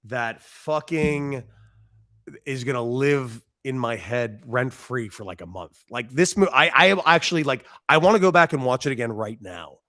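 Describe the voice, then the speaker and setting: An excitable man in his thirties co-hosts a casual podcast, speaking with emphatic enthusiasm and a freely dropped curse word. His mid-pitched voice sounds dry and close, with no room around it. He is from Los Angeles. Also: moderate pace, no room sound. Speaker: podcast co-host. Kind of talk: casual sports podcast chat.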